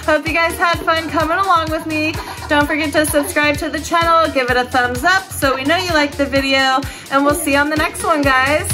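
A woman's voice: high voice, fairly even intonation, fairly quick, hardly any pauses, music in the background, low-quality recording. A woman hosting a casual thrift-haul vlog, chatty and upbeat, laughing often as she shows her finds. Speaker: thrift vlogger and channel host. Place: thrift store, then a barn.

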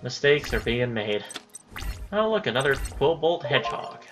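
Over music, a gaming channel host gives casual let's-play commentary in a mid-range, sing-song voice at a moderate pace. They mostly talk to themself and say "dude" a lot.

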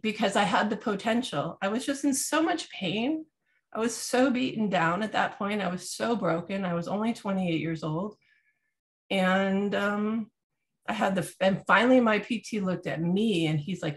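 A woman's voice: medium pitch, moderate pace. A woman in her thirties, a health podcast co-host, chatting casually and acting out the people in her story with shifts in voice. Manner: animated storyteller acting out quotes.

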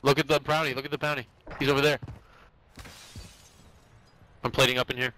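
A man in casual gameplay chat, hyped and swearing, repeating his excited callouts. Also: mid-range voice, fairly quick. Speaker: gamer. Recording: loud game gunfire in the background.

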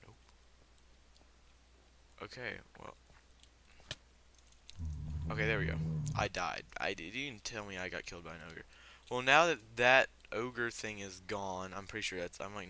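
A man's voice: deep voice, lively intonation, moderate pace, bright, forceful tone, a little hiss or hum. Jumpy young guy narrating a game. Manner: jumpy, startled outbursts, many "like" fillers. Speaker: let's play gamer. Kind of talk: casual gameplay commentary.

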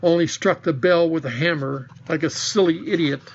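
A man's voice: on the high side, moderate pace, lo-fi sound. A man reading the part of a proud young girl who speaks coolly and sarcastically. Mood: tart. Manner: sarcastic, cool. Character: sharp-tongued young girl, sensible and proud.

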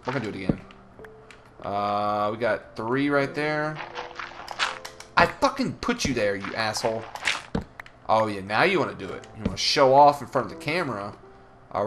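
A man's voice: mid-range voice, noisy background. A young man from the Southern United States, chatting and grumbling through profane gameplay commentary as a let's play host.

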